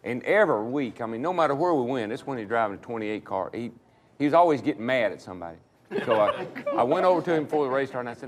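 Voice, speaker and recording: A man's voice: medium pitch, lively intonation. An older man, a retired stock car driver, telling racing stories casually and laughing through them. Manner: fast-talking, laughing through anecdotes. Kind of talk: casual storytelling.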